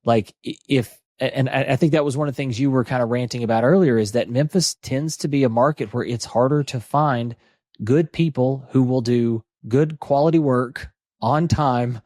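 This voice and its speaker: A man's voice: medium pitch, normal speed, darkish tone, dry recording, clean studio sound. A man with an East Tennessee accent co-hosting a podcast in casual, joking chat. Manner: chatty, joking, many restarts. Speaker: podcast co-host.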